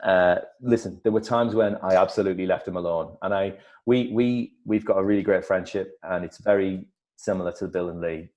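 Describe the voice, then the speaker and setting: A man with a very low voice and a northeast English accent talks casually as an actor being interviewed. He thinks aloud, circling back and restarting his sentences as he goes. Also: fairly even intonation, fairly quick, a little mellow, muffled recording. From northeast England. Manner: thoughtful, rambling with restarts and acted-out quotes.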